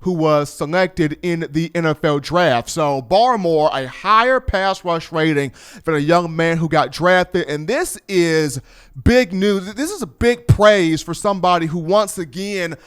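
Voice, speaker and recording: High, smooth-voiced man hosting sports talk. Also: a little slow. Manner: animated, playful storytelling. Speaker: sports show host. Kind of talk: energetic sports talk commentary.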